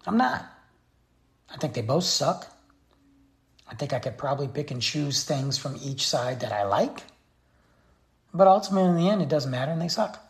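A man's voice: on the high side, lively intonation, moderate pace, creaky, pauses often. A man giving a blunt, exasperated opinion rant straight to his viewers. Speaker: vlogger. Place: Texas.

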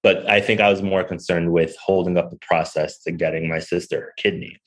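A man's voice: sits low, fairly even intonation, fairly quick, poor audio. A young man, a podcast guest and restaurant owner, telling a personal story candidly with lots of fillers. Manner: candid, rambling, many fillers. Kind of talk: conversational storytelling.

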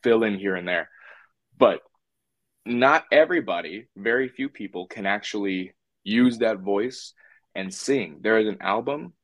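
A man's voice: lowish voice, animated, a little slow, no echo. A man talking as a puppeteer guest in a casual interview, rambling with lots of fillers and restarts.

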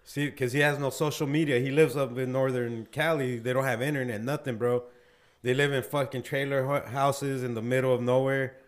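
A man's voice: medium pitch, little pitch movement, fairly quick. A man hosting a podcast, chatting and telling profane stories full of slang. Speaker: podcast host. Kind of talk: casual chat.

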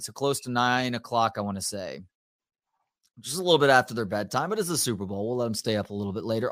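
A man co-hosts a relaxed sports talk show. He tells stories about his family with animated energy, and his voice sits at a middle pitch. The recording is dry and close to the mic. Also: no room sound. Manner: storytelling, animated retelling of family anecdotes. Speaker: podcast co-host.

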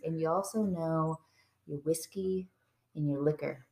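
A woman's voice: low voice, measured pace, darkish tone. A woman hosting a podcast with friends, chatting in a playful, bubbly way and swearing casually. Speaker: podcast host. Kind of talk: casual chat. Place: finished basement.

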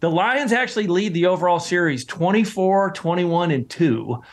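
A man's voice: sits high, animated, moderate pace. A man co-hosting a sports podcast, speaking in a confident, chatty and teasing way. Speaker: podcast co-host. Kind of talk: casual sports podcast chat.

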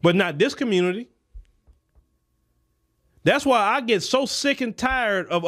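Man, political commentary podcast, impassioned, high voice. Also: fairly bright tone. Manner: impassioned, repetitive, preacher-like cadence. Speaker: podcast host. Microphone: podcast microphone.

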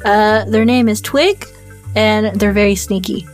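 A woman's voice: medium pitch, fairly even intonation, a little slow, faint music behind. A woman playing a tabletop game with friends, describing her character with some hesitation. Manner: hesitant, with fillers. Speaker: player. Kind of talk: casual tabletop role-play chat.

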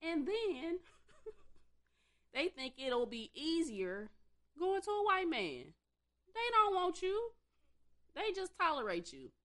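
A woman's voice: very high-pitched, wildly swooping pitch, takes it slowly, long pauses, a bit bright. A woman ranting bluntly and profanely in a casual commentary, exasperated and swearing freely.

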